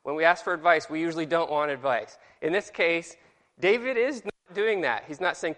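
A man teaches a Bible class in a casual, self-deprecating way, and his voice sits a little high for a man. He leans hard on the inflection whenever he reads a verse aloud. The sound rings with a long hall reverb. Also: expressive, normal speed, a bit bright.

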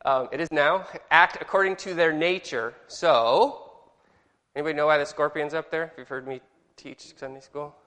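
A man's voice: a little high, moderate pace, pushed and bright. A man teaching a Sunday school class, chatty and joking, asking the group questions. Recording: long reverb in a hall.

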